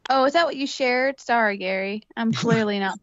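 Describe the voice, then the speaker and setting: A woman's voice: fairly high pitch, moderate pace, no room sound. A woman in casual podcast chat, hesitant and thinking aloud. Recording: dry, dull lo-fi audio.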